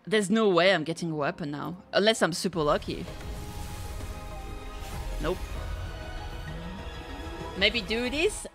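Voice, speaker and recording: A woman streaming live as she pulls in a gacha game, reacting dramatically, swinging from squealing shouts to dejected mumbles while chatting to her viewers. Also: lowish voice, expressive, slow pace, long pauses, soft background music. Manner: chats to viewers. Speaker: full-time streamer.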